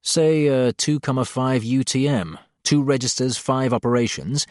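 A man's voice: medium pitch, moderate pace, a little mellow, no echo. A man reading a first-person novel aloud in a dry, wry storytelling manner. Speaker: audiobook narrator. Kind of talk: scripted first-person narration.

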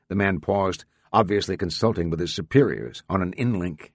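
A man reading fiction aloud as an audiobook narrator, with expressive, dramatic delivery. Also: deep voice, fairly quick, hardly any pauses, no room sound. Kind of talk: scripted narration.

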